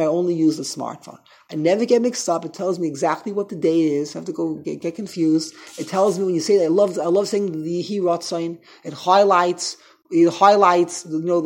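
A man teaching an informal Torah class, chatty and rambling, often restarting his sentences. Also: high-pitched. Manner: rambling, self-interrupting, frequent restarts. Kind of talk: informal Torah lecture to a small group.

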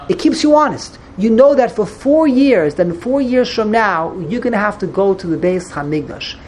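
A woman teaching a Torah lecture in an animated way, often stammering and restarting when excited, and dropping in many Hebrew and Yiddish terms. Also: mid-range voice, moderate pace, slight background noise.

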